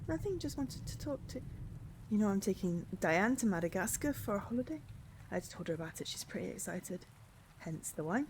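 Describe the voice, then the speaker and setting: A woman reading game dialogue aloud, voicing a guilty, hopeless young man who speaks in a shaky, halting, pleading way. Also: medium pitch, very animated, darkish tone, slight background noise. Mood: confessing.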